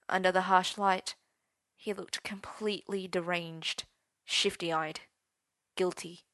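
A woman's voice: fairly low pitch, fairly bright tone, no echo. Woman reading a story, dry and intimate. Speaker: story reader. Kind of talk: expressive story narration.

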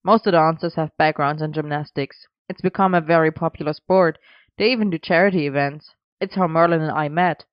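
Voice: medium pitch, steady tone, brisk, clean tone, dry recording, lightly acted. A reader voicing an earnest, protective young man who speaks firmly, in a dry, slightly dull recording.

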